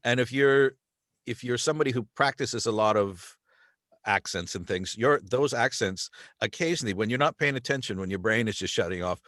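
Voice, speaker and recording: A man's voice: medium pitch, fairly quick, fairly bright tone, no echo. Man, podcast host, casual rambling chat, dry sound. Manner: rambling, with many fillers and restarts.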